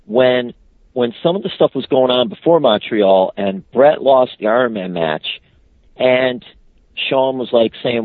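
A man's voice: medium pitch, fairly quick, no room sound. A man on a podcast telling a story in casual chat, acting out the quotes with lots of energy. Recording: tinny phone-line sound.

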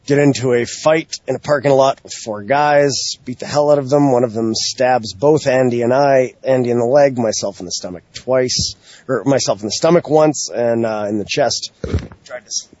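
A man's voice: medium pitch, normal speed, a little mellow, dry recording, muffled recording. A man as a podcast guest in casual chat, blunt and sarcastic, swearing now and then.

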